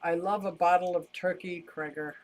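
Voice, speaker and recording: A woman's voice: on the low side, fairly even intonation, normal speed. Older woman, livestream host, talkative, wry ranter. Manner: chatty, wry, laughs easily, rants about costs. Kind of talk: casual livestream chat reading viewer comments.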